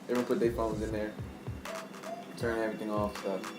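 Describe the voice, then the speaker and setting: A young male vlogger tells a casual storytime to his camera in a lowish, flat, brisk voice, rambling, laughing often, and using slang. He's in an echoey room with faint music playing.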